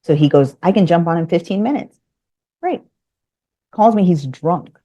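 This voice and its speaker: A woman's voice: on the low side, expressive, normal speed, dark tone, highs cut off. A woman guest telling a business story in casual conversation, acting out both sides of the dialogue. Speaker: podcast guest.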